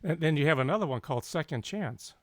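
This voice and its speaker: Man giving quiet affirmations. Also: on the high side, lively intonation, fast. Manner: brief affirming interjections. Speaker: interview host. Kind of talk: casual interview.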